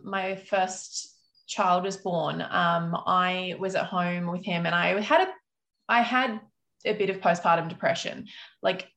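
Slow-talking woman losing her voice. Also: medium pitch, a bit bright. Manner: rambling, frank, lots of fillers and swearing. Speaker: author guest. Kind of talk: casual storytelling answer.

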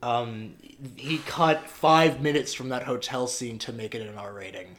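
A man's voice: medium pitch, normal speed, a little hiss or hum. A man co-hosting a podcast, chatting casually about horror movies with lots of fillers. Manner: chatty, many fillers, animated retelling of scenes. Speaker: podcast co-host.

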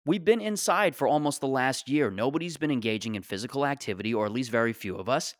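A man's voice: medium pitch, animated, quick pace, hardly any pauses, no echo, clean studio sound. A man in his late twenties hosting a solo podcast, talking casually in a rambling, joking, self-deprecating way. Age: 20s. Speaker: podcast host.

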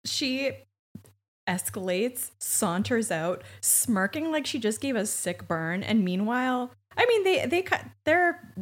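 Lively woman, incredulous podcast chat. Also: a little high, takes it slowly. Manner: incredulous, animated, acts out quotes. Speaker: podcast co-host. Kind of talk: casual recap chat.

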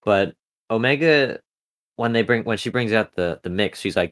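A man's voice: on the low side, expressive, moderate pace, a bit bright. A man co-hosting a podcast, reviewing a TV episode in a rambling casual chat full of fillers and restarts. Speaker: podcast co-host.

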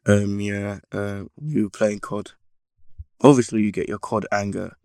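A man's voice: lowish voice, steady tone, a little slow, dark tone, no room sound. A young man in a casual podcast chat, telling a story in a laid-back way. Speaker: podcast co-host.

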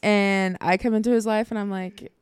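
A woman's voice: medium pitch, fairly even intonation, clean tone. A woman co-hosting a podcast, teasing her friends in casual chat. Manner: teasing, quick-witted. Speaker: podcast co-host.

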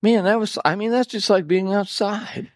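A man's voice: sits high, fairly even intonation, moderate pace, no echo, clean studio sound. A man from Indiana preaching a sermon as pastor, folksy and joking with the congregation in a church. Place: church sanctuary.

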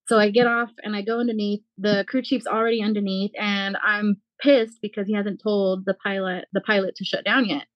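A woman's voice: mid-range voice, a little fast, few pauses, dry recording, dull audio. A woman, an aircraft maintainer, chatting as a podcast guest and telling blunt, swearing stories about her job. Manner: profane, animated storyteller. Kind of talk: casual podcast chat.

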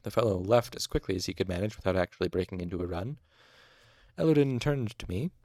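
A man reading a novel aloud in the first person at a steady, measured pace. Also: sits low, dry recording, studio quality. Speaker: audiobook reader.

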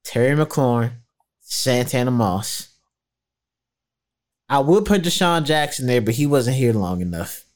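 A man's voice: medium pitch, unhurried, pauses often. Chatty man in casual sports talk. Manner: animated, colloquial, slips into quoted voices. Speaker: podcast co-host.

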